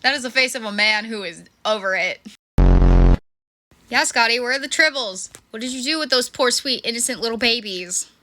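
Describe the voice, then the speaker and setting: At normal speed and a slightly high pitch, a woman gives laid-back reaction commentary for her video. She is sarcastic and talkative, often swearing and laughing, with noticeable background noise behind her.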